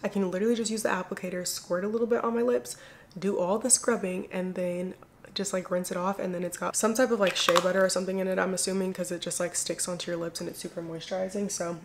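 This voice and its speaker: A woman's voice: lowish voice, steady tone, quick pace, slight background noise. A young woman chatting casually to the camera as a beauty vlogger, loose and slangy, full of "like" and "y'all". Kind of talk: casual get-ready-with-me chat.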